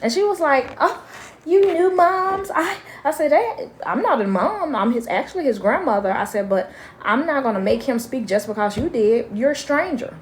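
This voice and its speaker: A woman's voice: on the high side, lively intonation, moderate pace. A middle-aged grandmother hosting a casual parenting live stream from home. She talks bluntly and chattily and keeps breaking off to talk to her grandson.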